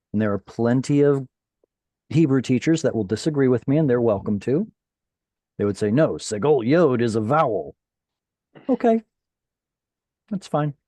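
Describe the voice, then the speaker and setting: A man's voice: medium pitch, mellow, dry recording. A man teaching a Hebrew class over a video call, patiently explaining and quizzing his students.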